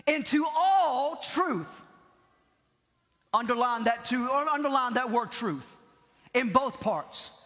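A man preaching a Pentecostal sermon, impassioned, repeating key phrases and shouting at the peaks. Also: extremely high pitch. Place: large church hall. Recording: long hall reverb.

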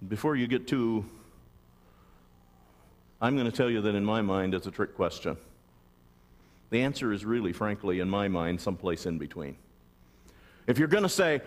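Pastor, male, mid-pitched, preaching in a reverberant church hall, checking in with the congregation often. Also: expressive, moderate pace, long pauses. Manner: asks the congregation frequent rhetorical questions. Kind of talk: sermon. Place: large church sanctuary.

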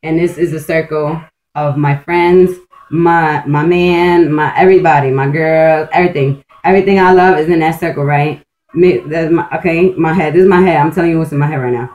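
A woman's voice: deep voice, steady tone, brisk, darkish tone, lo-fi sound. Blunt, rambling woman swearing freely. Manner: profane, blunt and streetwise; rambling, with frequent restarts and "like". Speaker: vlogger. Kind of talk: casual rambling monologue.

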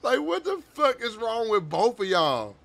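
Man, casual crude reaction commentary, bright tone, frequent laughter. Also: very high-pitched, huge pitch swings, measured pace, gravelly. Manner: crude, joking and laughing often. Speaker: reaction video host.

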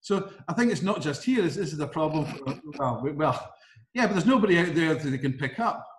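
A man's voice: on the high side, expressive, a little fast, roomy sound. A man with a Scottish accent co-hosting a casual remote chat over a video call, earnestly asking worried questions. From Scotland. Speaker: co-host.

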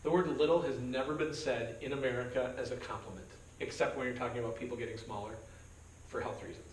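A man's voice: medium pitch, fairly even intonation, quick pace, a little hiss or hum. A man pastor leading a conversational verse-by-verse Bible study, joking and acting out quoted voices. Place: church meeting room. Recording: roomy sound from a distance, faint background.

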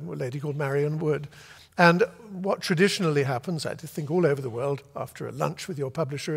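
An older man from Britain, an author telling a long, lively anecdote to a festival audience and acting out the voices he quotes. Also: a little high, gravelly, husky, big-room sound. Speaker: author guest. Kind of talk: storytelling at a festival talk. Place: festival venue before an audience.

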